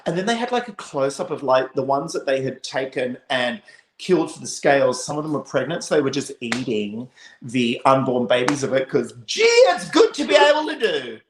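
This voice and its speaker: A man's voice: mid-range voice, brisk. A man co-hosting a casual chat show, emphatic and swearing freely. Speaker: co-host. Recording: roomy echo.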